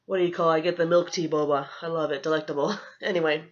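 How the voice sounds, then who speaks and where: A woman's voice: low voice, fairly even intonation, fast talker, dull audio. A woman telling a storytime rant as a vlogger, rambling, profane and indignant, with lots of "you know" fillers.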